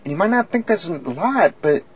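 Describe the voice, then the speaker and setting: A woman's voice: lowish voice, animated, brisk, husky. A woman chatting candidly in a casual, rambling video diary from her bedroom. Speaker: video diarist. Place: home bedroom, indoors.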